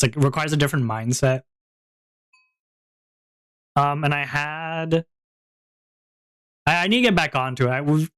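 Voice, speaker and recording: A man streamer chatting casually with his viewers, rambling, with many fillers and restarts. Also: medium pitch. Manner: laughs at his own jokes.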